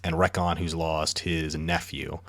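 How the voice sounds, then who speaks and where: A man's voice: very deep voice, flat delivery, a little slow, vocal fry, fairly bright tone. A man co-hosting a podcast, recapping a book's plot in loose, profane casual chat. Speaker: podcast co-host. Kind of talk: casual book discussion chat.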